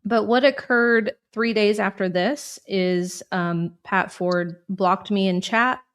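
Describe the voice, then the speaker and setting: A woman guest on a livestream talks through a timeline of events. She speaks slowly and keeps her voice at a middle pitch. She sometimes loses her place and then picks it back up. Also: a bit bright, smooth. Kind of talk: recounting a timeline.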